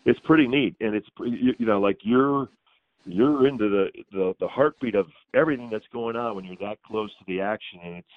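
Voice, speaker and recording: A radio sports host with a low voice talks in a halting, reflective way. The sound is dry and a little dull, like a close studio mic. He pauses often as he gathers his thoughts. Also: no room sound.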